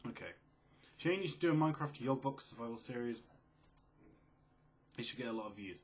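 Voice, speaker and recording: Quiet, mellow young man. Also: lively intonation, fairly quick. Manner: quiet, low-key, self-described mellow and sleepy. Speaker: video creator answering viewer questions. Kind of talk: casual Q&A chat.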